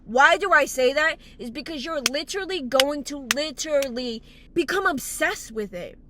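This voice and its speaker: Young woman, slight lisp, high voice, casual vlog rant, heated, swearing. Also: expressive, moderate pace, noisy background. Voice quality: slight lisp from dental aligners. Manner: heated, exclamatory, swears freely. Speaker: vlogger giving life advice. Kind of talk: casual ranting monologue.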